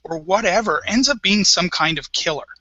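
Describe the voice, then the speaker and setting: A man's voice: sits high, moderate pace, a loud crowd, low-quality recording. A man on a TV discussion panel, talking enthusiastically about a series and often restarting his sentences. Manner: enthusiastic, animated, repeats words when starting. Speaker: podcast panelist.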